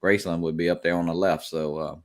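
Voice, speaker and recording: Deep-voiced man, laid-back host. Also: steady tone, quick pace. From South Louisiana. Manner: laid-back, chatty storyteller who laughs often. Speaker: host of a live drone chat. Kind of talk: casual chat.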